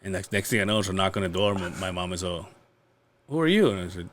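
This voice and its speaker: A low-voiced man from Mexico rattles off a rowdy tale fast in casual chat, cursing liberally and voicing the quoted lines of other people with animation. Slight background noise can be heard.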